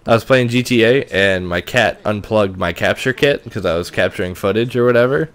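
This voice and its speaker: A man co-hosting a gaming podcast, talking in a relaxed way and laughing often. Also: lowish voice, a little fast. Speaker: podcast co-host. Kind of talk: casual gaming chat.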